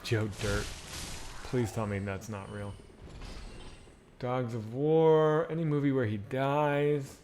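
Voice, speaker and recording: A man's voice: medium pitch, slow pace, long pauses, a little mellow, slight background noise. A man live-streaming a game and chatting casually with his viewers, rambling and swearing freely. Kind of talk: casual live-stream chat while gaming.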